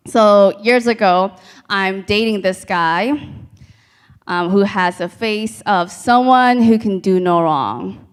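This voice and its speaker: A woman performing a stand-up comedy set on a live stage, telling deadpan stories and talking to the crowd. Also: medium pitch, slow pace, smooth. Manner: deadpan storytelling with crowd asides.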